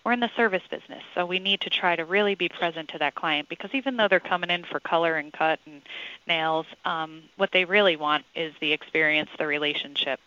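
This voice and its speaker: A woman's voice: low voice, fairly quick, sharp tone. A woman guest on a radio interview, an earnest, practical explainer talking through workplace values. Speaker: salon and spa event coordinator, guest. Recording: dull lo-fi sound.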